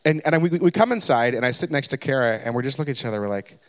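A man's voice: mid-range voice, animated, rapid-fire. A man, a pastor in his thirties, telling a candid, self-deprecating personal story as a sermon, with frequent restarts. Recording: long hall reverb.

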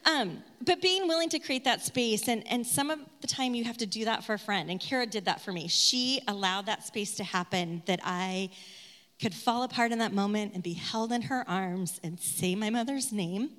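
A woman sharing a personal story, earnest and softly reflective. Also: mid-range voice, normal speed. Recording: hall reverb.

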